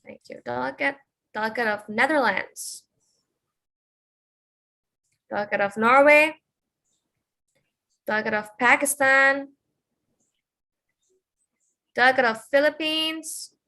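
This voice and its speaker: Female committee chair, slow and slightly unsure delivery, high-ish voice, video call. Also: pushed and bright. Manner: hesitant, with many fillers. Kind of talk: online roll call.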